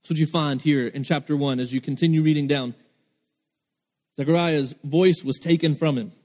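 A man preaching with earnest emphasis and a slightly high voice. His words ring out with a long reverb, as in a church hall. He acts out quoted lines as he goes. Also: fairly even intonation, normal speed, darkish tone. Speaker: pastor. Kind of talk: sermon.

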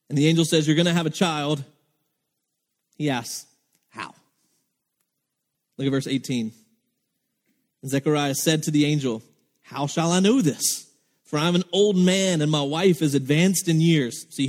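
A man's voice: on the high side, a little mellow, long reverb tail. A man preaching a sermon as pastor, earnest and emphatic, acting out the lines of the people he quotes.

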